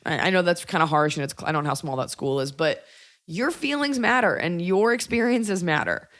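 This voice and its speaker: A woman's voice: on the low side, animated, brisk, fairly bright tone. A woman hosting a podcast, giving blunt, emphatic advice and acting out quoted lines. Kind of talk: casual advice chat.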